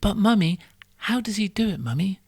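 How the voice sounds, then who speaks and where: A man's voice: sits high, expressive, moderate pace, slightly rough, dry recording, voice pushed up, full character voice. A man voicing a cheeky little boy who pesters his mother with whiny, pleading questions. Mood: curious.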